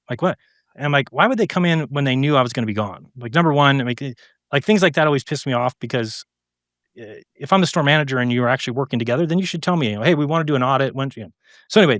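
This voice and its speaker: A middle-aged man, an interview guest, telling a long story in a casual, animated way, acting out the lines of the people in it, with many fillers and restarts. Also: medium pitch, dry recording, studio quality. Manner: animated, acts out quoted exchanges, frequent fillers and restarts.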